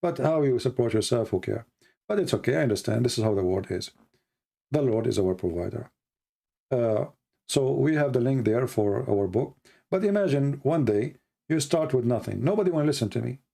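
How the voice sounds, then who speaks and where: Gravelly, dark-voiced man speaking broken English. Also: lively intonation, brisk. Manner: non-native English with broken grammar; emphatic, grows heated and high-pitched when mocking critics. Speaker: livestream host. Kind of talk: casual spoken monologue.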